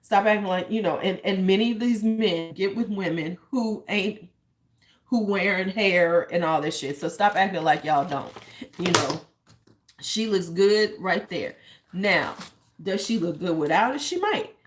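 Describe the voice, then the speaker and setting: A woman's voice: medium pitch, measured pace. A woman vlogger giving casual commentary, blunt and candid, swearing freely and retelling stories by acting out what people said. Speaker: beauty vlogger.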